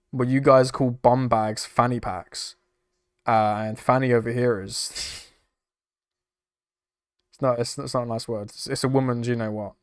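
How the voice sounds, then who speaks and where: Young British streamer, dry close mic. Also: male voice, medium pitch, clean tone, no room sound. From United Kingdom. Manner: chatty, swears casually, laughs often. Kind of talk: casual live-stream chat reading chat. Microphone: desk microphone.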